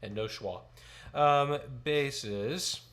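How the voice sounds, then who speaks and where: A man's voice: medium pitch, very slow. A man leading a choir sectional rehearsal. He counts in, sings short phrases and explains notes patiently. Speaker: choir director.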